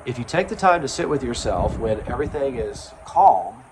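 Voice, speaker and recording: A man speaking as a spiritual self-help speaker, in a slow, earnest, reflective monologue with pauses and ums. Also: mid-range voice, very animated, a crowd in the background.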